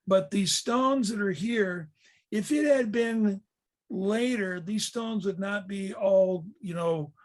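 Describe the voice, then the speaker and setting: A man leading a Bible history lesson, explaining pictures in a measured way with frequent fillers and restarts. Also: sits high. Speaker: tour leader and teacher.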